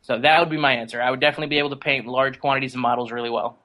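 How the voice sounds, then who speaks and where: A man's voice: mid-range voice, fairly even intonation, racing, sharp tone, poor audio. A man as a podcast guest, chatting casually and enthusiastically with jokes.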